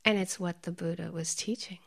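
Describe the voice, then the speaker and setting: A woman meditation teacher giving a dharma talk, telling stories, laughing often and dropping into soft whispers. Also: on the low side, fairly even intonation, a little fast, gravelly.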